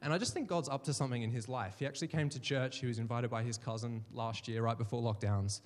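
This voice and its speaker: A male pastor preaches in a church hall, his mid-pitched voice carrying a long reverb tail. He tells stories and slips into the voices of the people he quotes. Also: fast talker. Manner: storytelling, acts out quoted voices. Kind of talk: sermon.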